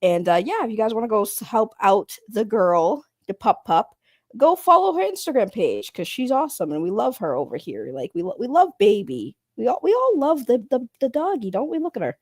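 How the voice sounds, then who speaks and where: A woman's voice: a little high, sing-song, brisk, a little mellow, dry recording, clean studio sound. A woman hosting a livestream in casual, rambling chat. She is blunt and joking and swears freely as she greets her viewers. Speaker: livestream host.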